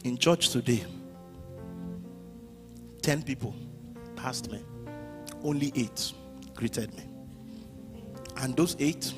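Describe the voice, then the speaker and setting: A man preaching a sermon as pastor, swinging from hushed lines to shouted ones. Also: mid-range voice, takes it slowly, pauses often, music in the background.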